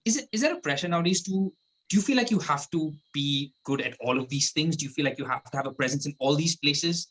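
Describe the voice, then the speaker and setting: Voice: medium pitch, fairly bright tone, rough recording. An interview host asking long, chatty questions full of fillers. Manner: fast, chatty, many "you know"s.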